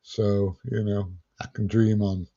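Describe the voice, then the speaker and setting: A man's voice: on the low side, level tone, slow pace, warm tone, muffled recording. A man hosting a casual livestream, reading out viewer questions and answering them plainly. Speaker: livestream host answering chat. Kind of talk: casual chat.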